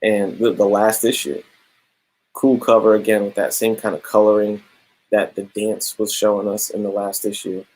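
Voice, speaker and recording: A young man talks through a comic book in a loose, slangy review. His voice sits low with a husky edge. He paraphrases the panels in a casual, unhurried way. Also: level tone, darkish tone, rough recording. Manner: laid-back slangy, drops "bro" and "straight up".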